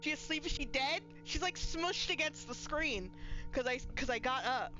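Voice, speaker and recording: High bright-voiced woman, jittery and scared. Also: animated, normal speed, lo-fi sound, soft background music. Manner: jittery, scared, squealing outbursts. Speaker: streamer. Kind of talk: live gameplay commentary. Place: home bedroom.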